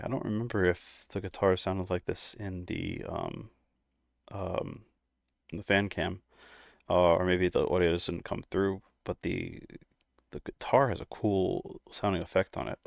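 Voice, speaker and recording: Man, reaction host, low flat voice, out of breath, hesitant casual chat, dry close sound. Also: moderate pace, creaky, dry recording. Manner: hesitant, many fillers.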